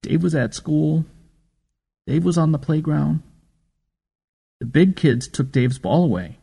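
A man voicing a timid, grieving small boy who speaks slowly and haltingly in a raised voice. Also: fairly high pitch, gravelly, warm tone, breathy edge, long reverb tail, pitched above the performer's own voice, full character voice. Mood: tearful.

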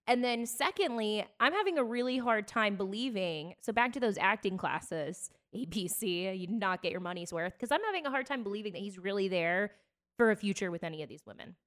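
A woman's voice: mid-range voice, expressive, brisk, fairly bright tone. Chatty woman co-hosting a podcast. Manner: chatty storyteller, laughs easily. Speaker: podcast co-host. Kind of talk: casual chat.

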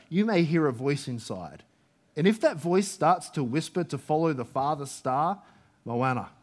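A man preaching a sermon in a conversational way, with asides and stammering restarts. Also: medium pitch.

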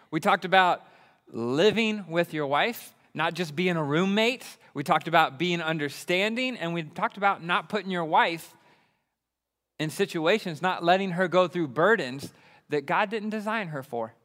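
Excitable preacher man in reverberant hall. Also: high voice, a little slow. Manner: enthusiastic, excitable. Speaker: pastor. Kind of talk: sermon.

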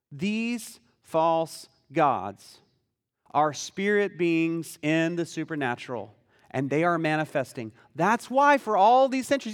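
A man preaching a sermon as pastor, animated and conversational, with lots of rhetorical questions. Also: fairly high pitch, slow, no room sound, clean studio sound, long reverb tail.

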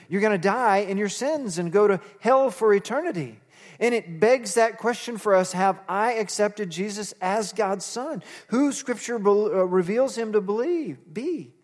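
A man preaching a sermon in a church, earnest and emphatic, building to strong peaks and then dropping quietly at the ends of phrases. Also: high-pitched. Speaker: pastor. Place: church sanctuary. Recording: hall reverb.

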